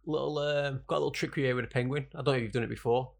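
A man's voice: mid-range voice, steady tone, racing, vocal fry. A young man co-hosting a podcast, chipping in with dry, jokey asides in casual banter. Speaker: podcast co-host.

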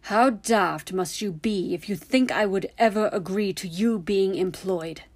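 A woman's voice: medium pitch, lively intonation, normal speed, darkish tone, husky, no room sound. A woman voicing a bitter, short-tempered male teacher who speaks in curt, snapping remarks in a storybook reading. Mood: angry. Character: bitter male potions teacher, sharp-tongued, quick to anger.

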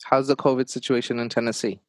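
A man's voice: mid-range voice, little pitch movement, quick pace, darkish tone, no room sound, low-quality recording. A man born in Bangladesh hosting a casual interview, chatty and rambling, often restarting his sentences.

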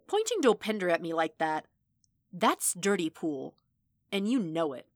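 A wry, guarded young woman speaking on the phone with a dry drawl, read by a woman. Her voice sits low and plain, close to the mic. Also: big pitch swings, a little slow, no room sound.

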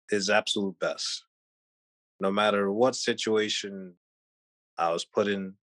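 A man's voice: lowish voice, a bit bright, no echo. Earnest man as a podcast guest. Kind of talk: interview answers.

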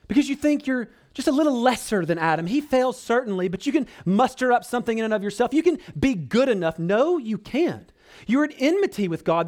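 A man pastor preaching a sermon, earnestly addressing the congregation as brothers and sisters and swinging between loud pleading and hushed low passages.

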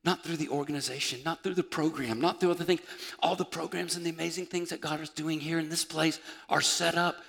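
A man preaching a sermon as pastor, moving between loud calls and hushed, near-whispered passages. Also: a little high, fairly even intonation, brisk, gravelly. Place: church sanctuary. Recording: church sanctuary with long reverb.

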